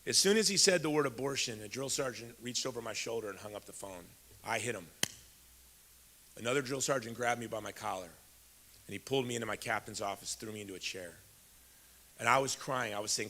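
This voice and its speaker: A keynote speaker in his fifties from Chicago talks at normal speed in a medium-pitched, bright, forceful voice. In a large event hall with echoey sound, he relates a personal story in a conversational way, speaking right to the audience.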